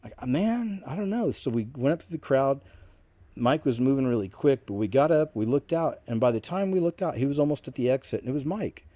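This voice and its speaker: A man's voice: medium pitch, lively intonation, fairly quick, dark tone, dry recording. A man in his fifties, a channel host, telling a personal story casually and rambling into asides. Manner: rambling, with many asides and restarts.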